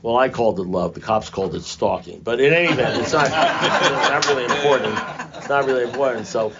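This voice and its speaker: A man's voice: medium pitch, a little fast, heavy background noise. An older man speaking at a recovery meeting, telling his story to a group in a conversational, self-mocking way, recorded in a muffled, lo-fi room.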